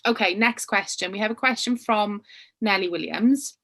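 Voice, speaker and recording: A woman moderating an online author panel, briskly reading out audience questions and handing them to the guests. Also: mid-range voice, fairly bright tone. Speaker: interviewer and moderator.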